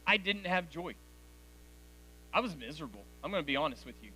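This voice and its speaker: Bright-voiced man preaching to teens. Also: a little high, expressive, a little fast, a little hiss or hum, rough recording. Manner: direct, conversational, addresses teens as guys. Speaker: youth speaker. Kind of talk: youth sermon.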